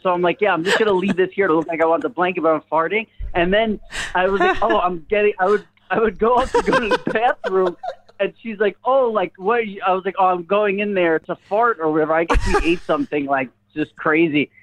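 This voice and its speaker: A man's voice: high-pitched, expressive, a little fast, fairly bright tone. A man telling a rambling comedic story in casual chat, laughing often as he talks. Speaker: guest. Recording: dull lo-fi sound.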